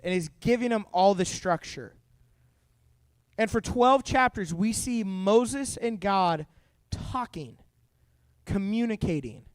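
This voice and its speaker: A young man delivers a sermon to a youth group in a high, bright register. He is animated and jokey, slipping into playful voices for the people in his stories. The sound is dry and close. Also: smooth, dry recording. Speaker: youth pastor. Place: church youth room.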